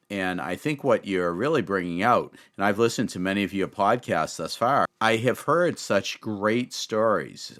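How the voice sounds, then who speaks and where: A man's voice: fairly low pitch, fairly bright tone. A man hosting a podcast who talks earnestly and at length, praising his guests. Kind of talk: casual chat.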